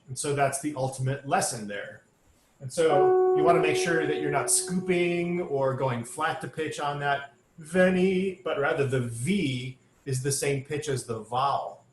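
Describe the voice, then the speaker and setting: Choir director, singing and coaching. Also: male voice, on the high side, echoey room, a little hiss or hum. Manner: sings demonstration phrases between spoken instruction. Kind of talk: online choir rehearsal. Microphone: video call.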